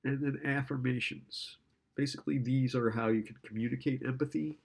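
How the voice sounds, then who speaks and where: A man's voice: mid-range voice, fairly even intonation, a little fast, gravelly. A man lecturing in a casual, conversational way, often checking in with "right?" and acting out client and therapist lines. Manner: conversational, keeps asking "right?".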